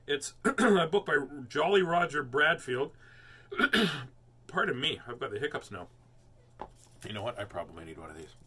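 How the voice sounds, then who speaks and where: Bright-voiced jokey man reading a storybook. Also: mid-range voice. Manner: rambling and jokey, with many fillers and silly sounds. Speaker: host reading children's books aloud. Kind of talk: playful live book reading with chatty asides.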